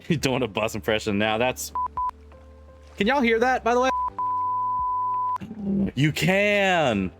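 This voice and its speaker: A man's voice: fairly high pitch, very animated, slow pace, pauses often, music in the background. Laughing, swearing man streamer. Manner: laughs often, swears freely, rambling with restarts. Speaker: livestreamer. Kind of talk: casual chat with stream viewers.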